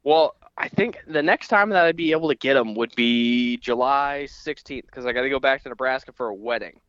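A young man co-hosts a casual podcast, telling long rambling stories packed with fillers. His voice is smooth, and the recording sounds dry and a little dull. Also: medium pitch, a little fast, a bit bright, dry recording. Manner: rambling storyteller, many fillers. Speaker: podcast co-host. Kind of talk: casual chat.

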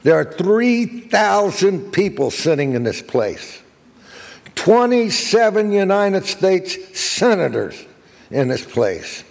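Older guy telling funny stories, kinda high and gravelly, slow, reverby hall. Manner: jokey, animated raconteur. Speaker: guest speaker. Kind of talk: anecdotal storytelling speech.

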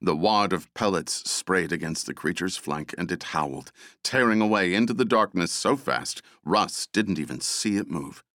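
Deep, lively male audiobook narrator. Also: normal speed, dry recording, studio quality. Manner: dramatic, expressive storytelling. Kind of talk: scripted narration.

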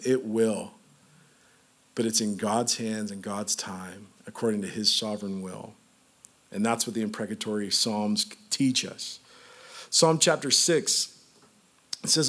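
A man's voice: lowish voice, measured pace, long pauses, fairly bright tone. A man preaching a sermon in a conversational way, reading scripture and often saying "like". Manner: conversational, peppered with "like".

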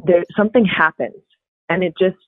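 A woman actor talking casually as an interview guest, expressive and often laughing, with quick restarts. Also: on the low side, no echo. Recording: tinny phone-like dry line.

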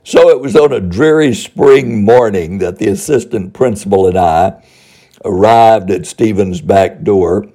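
A man's voice: on the low side, measured pace. An older man, a former school principal, telling funny stories from his school days in a folksy, chuckling way. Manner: warm anecdotal delivery, chuckling asides. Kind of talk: folksy spoken storytelling.

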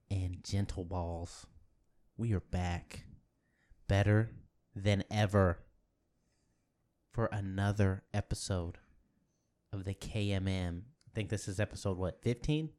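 A man's voice: deep voice, steady tone, slow pace, pauses often, a little mellow. A man hosting a comedy podcast, hyping the show in a goofy showman manner. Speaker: podcast host. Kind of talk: casual comedy podcast chat.

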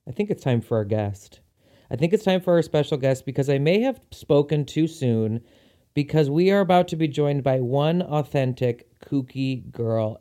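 Male podcast host, casual enthusiastic chatter, mellow mid-pitched voice. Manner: chatty and enthusiastic, frequent ums. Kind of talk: casual solo podcast chat.

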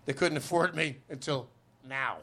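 Bright, animated male storyteller. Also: on the high side, normal speed. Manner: animated, profane, full of "you know". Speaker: guest actor. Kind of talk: animated anecdote in a podcast interview.

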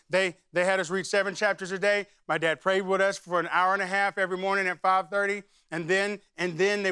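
A man preaching as senior pastor in a church, with a high, clear voice. He tells stories in a conversational way and then prays aloud with fervor. The sound is dry and close, with no room echo. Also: pushed and bright. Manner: conversational storytelling that rises into fervent praying. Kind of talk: sermon with spoken prayer. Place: church sanctuary.

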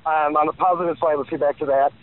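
A man's voice: fairly high pitch, steady tone, quick pace. Man in his forties, interview guest, rambling with fillers, thin phone-line sound. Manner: rambling, many fillers and restarts. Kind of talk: casual interview answers.

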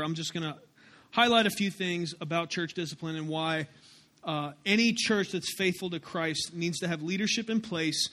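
Bright, high-voiced male pastor preaching. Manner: conversational, animated preaching with asides to the congregation. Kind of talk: sermon.

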